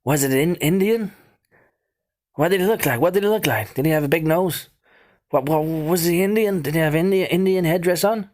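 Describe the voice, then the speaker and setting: A man's voice: high-pitched, expressive, a little slow, long pauses, a bit bright, breathy edge, voice pushed up, heavily acted. A man doing a frantic, terrified young boy. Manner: frantic, repeats his questions.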